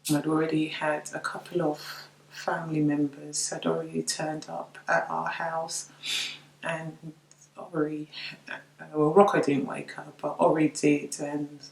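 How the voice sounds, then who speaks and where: A middle-aged woman telling of her daughter's death, halting and tearful, repeating her words. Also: low-pitched, gravelly, reverberant, rough recording. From United Kingdom. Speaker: bereaved mother sharing her story. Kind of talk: personal testimony to camera.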